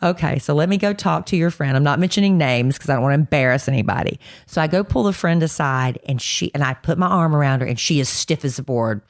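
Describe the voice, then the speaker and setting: Low-voiced woman telling a lively story. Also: quick pace, few pauses. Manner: animated storyteller, acts out quoted voices. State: fighting a cold. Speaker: podcast co-host. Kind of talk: casual storytelling chat.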